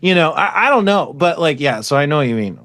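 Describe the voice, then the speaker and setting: A man's voice: fairly high pitch, very animated, fast, a bit bright, no room sound, clean studio sound. A man co-hosting a podcast, a comedian talking frankly and swearing freely in casual chat. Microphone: podcast microphone.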